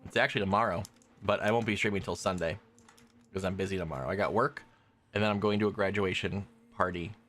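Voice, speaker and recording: A man's voice: low voice, steady tone, fast talker, a bit bright. A young adult man streaming a game, chatting loosely with his viewers as he plays. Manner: chatty, rambling, talks to chat while playing. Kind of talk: casual gaming stream chat.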